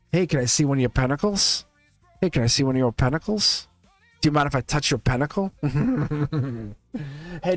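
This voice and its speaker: A man giving a live-streamed tarot reading in a playful, animated way, laughing often and repeating his phrases. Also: on the high side, no room sound. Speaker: tarot reader.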